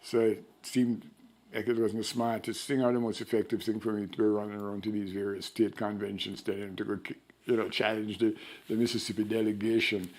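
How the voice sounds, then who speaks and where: A man's voice: fairly low pitch, level tone, a little fast, darkish tone. An older man with a Jamaican accent, telling stories in a wry, blunt way during an oral history interview. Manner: wry storyteller, blunt and frank.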